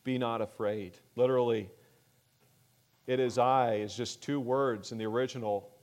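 A male preacher with a voice of ordinary pitch, delivering a sermon. He speaks earnestly and at a measured pace, and his voice swells when he stresses key words. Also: steady tone, a little mellow.

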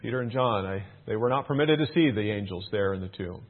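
A man's voice: fairly low pitch, animated. Preacher man on a narrow phone-like line. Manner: measured, repeats key phrases for emphasis. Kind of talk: sermon.

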